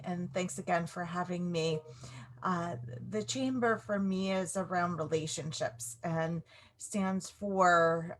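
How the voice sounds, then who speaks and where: A businesswoman answering interview questions with a somewhat low voice. She speaks in a measured, polished, professional manner. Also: fairly bright tone. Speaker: guest, business strategist.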